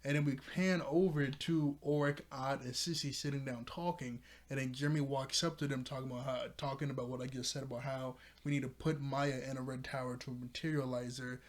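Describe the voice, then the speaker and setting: A man's voice: mid-range voice, flat delivery, fairly quick, hardly any pauses. A man casually recapping a cartoon episode, rambling with lots of fillers and frequent laughter. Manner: rambling, laughs often, paraphrases characters loosely. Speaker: show reviewer.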